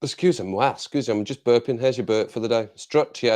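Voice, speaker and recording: A man's voice: medium pitch, fast talker, a little mellow. An English man hosting a casual live chat with viewers from his home desk, jokey and rambling, laughing often, on a clip-on mic. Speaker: livestream host.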